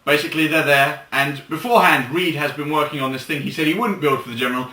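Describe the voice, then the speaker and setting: A man's voice: fairly high pitch, fast, bright, forceful tone, slight background noise. A young man co-hosting a casual film review, rambling with fillers and giggling. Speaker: co-host of a film review show. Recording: echoey room, mic at a distance.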